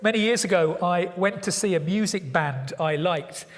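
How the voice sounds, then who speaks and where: A middle-aged man preaching a storytelling sermon with lively, playful asides. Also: high-pitched, moderate pace. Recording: long hall reverb.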